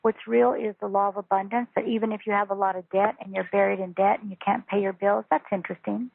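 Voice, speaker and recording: A woman teaching spiritual ideas down a phone line, her voice gravelly and husky. She talks earnestly and emphatically, repeating phrases to drive them home. The sound is tinny and dry, like a phone call. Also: medium pitch, level tone, fast talker, no room sound. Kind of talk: phone interview.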